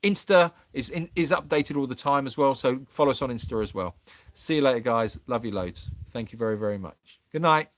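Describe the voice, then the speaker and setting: A man's voice: mid-range voice, lively intonation, a little fast, no room sound. A man hosting a live Q&A stream, worn out, reading viewers' comments aloud and bantering playfully with them in casual chat.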